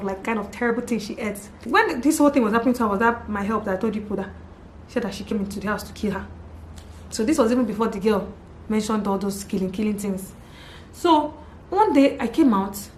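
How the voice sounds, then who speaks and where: Fast-talking Nigerian woman vlogger, animated. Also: on the high side. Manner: animated, dramatic retelling with exclamations. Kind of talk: casual storytelling to camera. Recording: echoey room with faint background hum.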